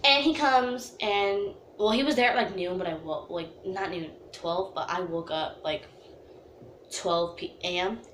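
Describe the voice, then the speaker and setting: A young woman telling a storytime vlog, chatty with lots of "like", dramatically reenacting herself wailing in a high voice. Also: measured pace, fairly bright tone, roomy sound, a little hiss or hum. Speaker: vlogger.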